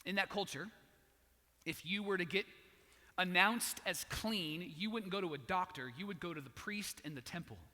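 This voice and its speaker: High bright-voiced pastor preaching in a hall. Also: male voice, moderate pace. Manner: storytelling, acts out voices in the story. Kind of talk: sermon.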